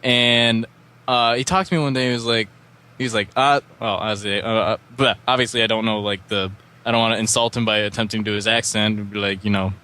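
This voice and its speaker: A man's voice: fairly low pitch, brisk, clean tone. Sarcastic male podcast guest. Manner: sarcastic, animated storytelling. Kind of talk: casual chat.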